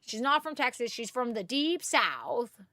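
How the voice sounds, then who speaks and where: Bubbly, high-voiced Canadian woman streamer. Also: unhurried, no echo. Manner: animated, chatty, swears freely. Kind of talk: casual gaming stream chat.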